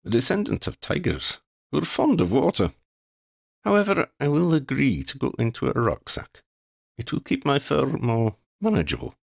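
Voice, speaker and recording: A man's voice: medium pitch, very animated, moderate pace, vocal fry, no echo, studio quality, pitched above the performer's own voice. A man voicing a vain, pompous male talking cat who speaks in a formal, haughty way.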